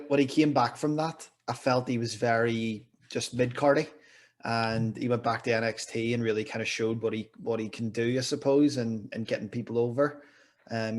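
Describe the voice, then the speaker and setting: Easygoing male podcast guest. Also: medium pitch. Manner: relaxed, measured opinions, hedges with "I suppose". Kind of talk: casual wrestling chat.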